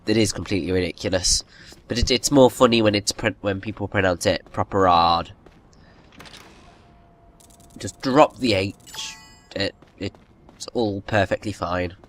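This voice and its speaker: A man's voice: lowish voice, a bit bright. Chatty man narrating gameplay. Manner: chatty, rambling, with frequent restarts and self-mocking asides. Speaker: gaming video host. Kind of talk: casual gameplay commentary. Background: game music.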